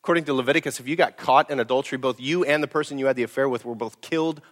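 A middle-aged man, a pastor preaching a sermon in a blunt, emphatic way, swinging from loud to hushed. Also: mid-range voice, rapid-fire.

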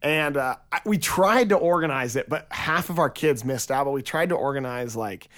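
A man's voice: medium pitch, moderate pace. A man who is a youth pastor, hosting a casual podcast chat and telling stories animatedly. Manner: animated storyteller who acts out crowd cheers.

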